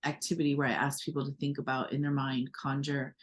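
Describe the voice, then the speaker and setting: A woman's voice: a bass voice, completely flat delivery, quick pace. A woman co-hosting a podcast, talking in a reflective, earnest way with many fillers and restarts. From United States. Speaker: podcast co-host. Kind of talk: casual conversation.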